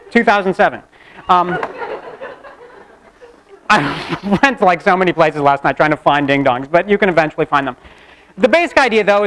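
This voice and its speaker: A man's voice: high voice, fairly bright tone, rough recording. A man giving a university classroom lecture, mixing explanations with playful jokes and asides. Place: lecture hall.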